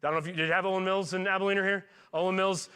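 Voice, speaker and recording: A pastor in his forties preaching a sermon in a relaxed, conversational way. He jokes and asks the congregation questions. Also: sits high, very fast, clean tone. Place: church.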